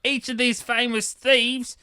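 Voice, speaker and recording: A man's voice: extremely high pitch, little pitch movement, measured pace, bright, forceful tone, clean tone, no room sound. A man co-hosting a casual podcast, rambling and laughing often as he reads stories off his notes. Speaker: podcast co-host. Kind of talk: casual chat.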